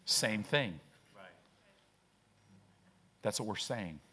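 Speaking from the pulpit, a male pastor preaches in quick, energetic bursts, throwing out rhetorical questions and engaging the congregation in call-and-response. His fairly low voice is expressive, bright and forceful.

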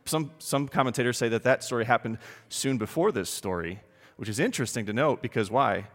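A man preaching a sermon in an animated, emphatic way, often putting questions to his congregation. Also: mid-range voice, fairly quick, big-room sound. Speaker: pastor.

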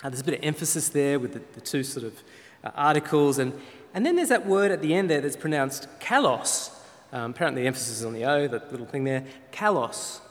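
A man's voice: mid-range voice, lively intonation. Earnest preacher guy, voice rises and falls a lot, long echo like a big hall. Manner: earnest, pausing often with fillers. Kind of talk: sermon. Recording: reverberant hall sound.

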